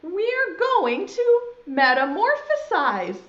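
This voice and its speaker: A woman's voice: very high-pitched, sing-song, takes it slowly, fairly bright tone, pitched above the performer's own voice, full character voice. A woman voicing a patient but exasperated caterpillar friend who gives firm, clipped answers. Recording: dull echoey room sound.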